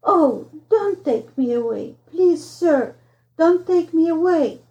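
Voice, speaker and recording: A woman doing a tearful small boy pleading, pitched up high. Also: lively intonation, slow pace, warm tone, lo-fi sound, full character voice.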